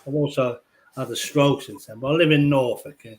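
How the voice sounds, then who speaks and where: This is a man with a softened Liverpool accent in a relaxed group chat. He rambles through his points with fillers and jokes, and swears now and then. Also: medium pitch, fairly quick, low-quality recording. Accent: Scouse, softened by years in London. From England (Liverpool). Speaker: guest on a discussion stream. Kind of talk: casual chat.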